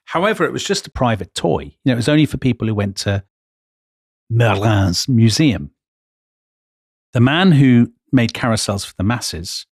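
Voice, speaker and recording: A man's voice: fairly low pitch, husky. A man tells history stories to his co-host with real enthusiasm, reading out old quotes with relish. The sound is dry and close, with no room echo. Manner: enthusiastic storyteller, quoting old accounts with gusto. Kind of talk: storytelling history chat.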